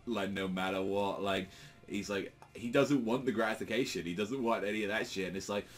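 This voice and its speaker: A man's voice: lowish voice, a little fast, soft background music. A man giving a casual, rambling manga chapter review, full of filler words and swearing.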